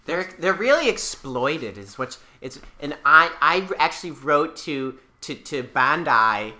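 Bright-voiced man in earnest banter. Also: on the high side, sing-song, unhurried. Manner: earnest, indignant, stammering restarts. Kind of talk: comedic podcast banter.

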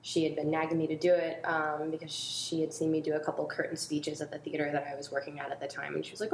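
A woman with a Boston accent, a comedian talking casually as a podcast guest, chatty and quick to laugh, often repeating words. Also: deep voice, fairly even intonation, roomy sound, a little hiss or hum.

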